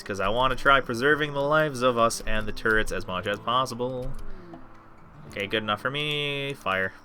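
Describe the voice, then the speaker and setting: Bright-voiced man cursing through gameplay commentary. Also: medium pitch, normal speed, soft background music. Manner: swears freely, chats to himself and the game. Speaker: let's play host.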